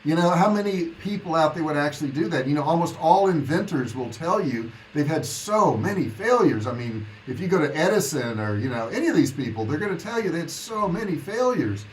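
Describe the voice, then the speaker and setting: A man's voice: on the high side, very animated, fairly quick, few pauses, a little hiss or hum, rough recording. A man coaching online sellers in a casual live question-and-answer talk, folksy and repeating points for emphasis.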